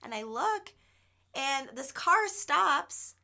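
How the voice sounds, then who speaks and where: A woman co-hosting a podcast, telling a story in animated casual chat with plenty of swearing. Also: sits high, drawn-out words, gravelly. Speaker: podcast co-host.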